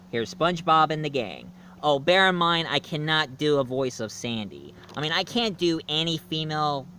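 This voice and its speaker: A man's voice: on the high side, bright, forceful tone, a little hiss or hum. A man reviewing cartoons in a casual, rambling vlog talk with frequent self-corrections. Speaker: voice impressionist and reviewer.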